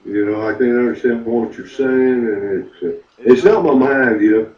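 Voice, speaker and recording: A man calling in to a livestream, talking haltingly with many fillers and "you know"s. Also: medium pitch, reverberant, highs cut off. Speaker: caller. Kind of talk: casual call-in chat.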